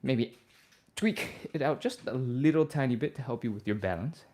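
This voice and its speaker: A man coaching a live flexibility session, breezy and encouraging as he explains each move. Audible sighs and breaths slip in between his steady, everyday instructions. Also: medium pitch, normal speed. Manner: relaxed, upbeat, talks through each move. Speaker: fitness instructor.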